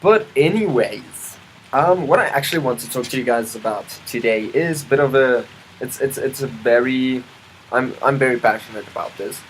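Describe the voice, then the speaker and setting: At a normal speed and with lively intonation, a medium-pitched South African man delivers a rambling, casual vlog. He keeps breaking off, restarting and saying um, and he drifts into chatty side remarks, including some about the weather. The audio is poor, carrying a little hiss or hum.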